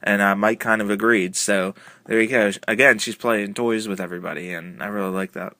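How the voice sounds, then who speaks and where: A man with a lowish, bright, forward voice talks through a wrestling broadcast as a casual review, stringing events together loosely and padding them with fillers. The sound is dry and close, with no room around it. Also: steady tone, fairly quick, no room sound. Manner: rambling, filler-heavy retelling with many uh and um.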